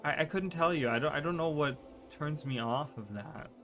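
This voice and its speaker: This gaming streamer's voice is on the high side and a bit bright, moving at a moderate pace with soft music in the background. He rambles casually to viewers during play, tripping up and restarting his sentences.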